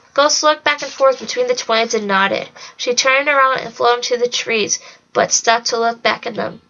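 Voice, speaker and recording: A woman reads a storybook aloud in a bright, fairly high voice with a sharp edge, keeping an even, steady pace. The lo-fi home recording is slightly dull. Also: normal speed. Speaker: reader. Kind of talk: storybook read-along narration.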